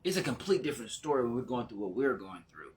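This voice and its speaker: A man talking casually as a spiritual teacher. He gets excited, laughs, and jumps into high exclamations, then slows and goes quiet when he turns reflective. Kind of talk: casual spiritual vlog talk.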